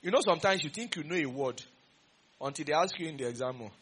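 A man with a Nigerian English accent preaching a sermon, teasing and quizzing his congregation in an animated way. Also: fairly high pitch, quick pace, a little hiss or hum.

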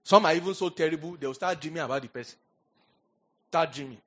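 A man preaching a sermon as pastor, animated, swinging from hushed asides to loud emphatic bursts. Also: fairly high pitch, quick pace, pauses often, muffled recording.

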